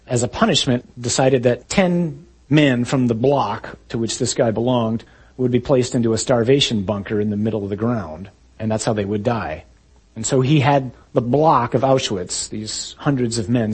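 A man preaching a sermon, retelling a story vividly and acting out shouted lines. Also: medium pitch, breathy edge.

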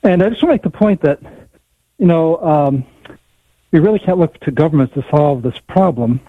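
A male caller with a husky, fairly high voice speaks hesitantly, with many fillers. He is heard over a tinny, dry phone line. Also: lively intonation, moderate pace, no room sound. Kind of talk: call-in radio conversation.

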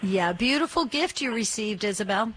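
Effusive woman co-hosting call-in radio, mid-pitched. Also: animated, normal speed, fairly bright tone, slight background noise. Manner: chatty and effusive. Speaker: radio co-host.

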